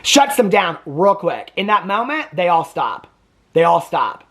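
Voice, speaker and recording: A man's voice: high voice, very animated, unhurried, fairly bright tone. A man hosting a reality TV reaction video, ranting indignantly and swearing freely in casual commentary. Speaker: TV reaction host.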